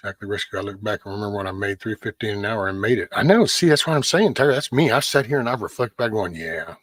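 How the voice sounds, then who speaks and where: A man's voice: on the low side, fast, a bit bright, no room sound. A man hosting a casual livestream, ranting bluntly with lots of swearing and answering viewers' chat by name. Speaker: livestream host.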